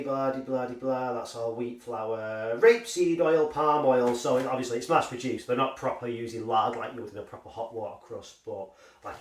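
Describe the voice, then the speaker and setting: In this laid-back food review vlog, a man with a medium-pitched voice talks about a frozen pie through a distant mic. He wanders off topic, curses, and mocks himself, with the room echoing around his off-mic voice.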